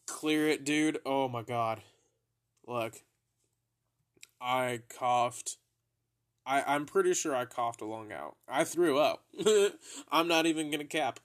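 A young man spins a casual story for his podcast, with a laid-back, profane delivery. He speaks slowly at an ordinary mid-range pitch and keeps laughing at his own story. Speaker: podcast host.

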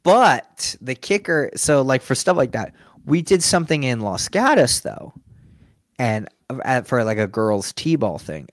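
A man's voice: medium pitch, no room sound, studio quality. A man who performs as a sports mascot, telling stories in a casual interview, laughing often and acting out what people said. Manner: animated, laughs often, acts out quotes.

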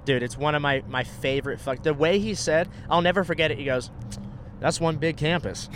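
A man's voice: on the high side, quick pace, fairly bright tone, a little hiss or hum. A young man casually telling a story on a podcast, acting out the people he quotes and swearing freely.

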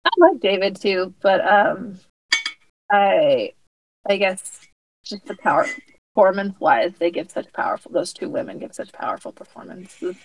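A woman casually recapping a TV episode with a friend, retelling scenes with quick acted-out quotes and laughter. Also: medium pitch, sing-song, a little hiss or hum, poor audio. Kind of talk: casual chat recapping a TV show.

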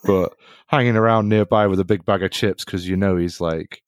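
A man's voice: low voice, fairly even intonation, moderate pace, dry recording, studio quality. A man playing a tabletop game, rambling and jokey. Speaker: player. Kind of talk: casual tabletop banter.

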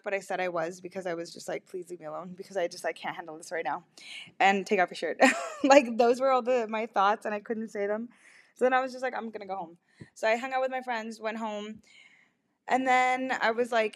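A young woman confiding into a laptop microphone from her room. She rambles anxiously, doubling back on herself with repeated words and half-finished thoughts. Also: a little high. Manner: anxious, rambling, self-interrupting with frequent restarts. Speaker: vlogger. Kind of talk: confessional storytime vlog. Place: her bedroom, alone.

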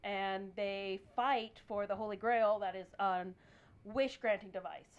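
A woman chatting casually in a group podcast, excitable and rambling, full of fillers. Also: mid-range voice, unhurried, smooth, muffled recording. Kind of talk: casual chat.

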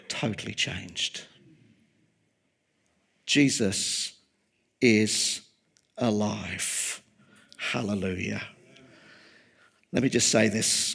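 A man preaching a sermon, swinging from loud emphasis to hushed, quiet tones. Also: lowish voice, creaky, slightly rough.

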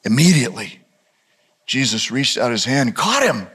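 A man's voice: mid-range voice, sing-song, normal speed, a bit bright, husky. A male pastor preaching a sermon with dramatic storytelling and rhetorical questions. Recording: reverberant hall.

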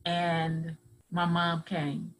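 A woman on a podcast telling a personal story in an earnest voice that sits a little low. She acts out what each person said as she goes. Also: monotone, very slow, rough recording. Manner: earnest, acts out others' words in dialogue. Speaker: podcast guest.

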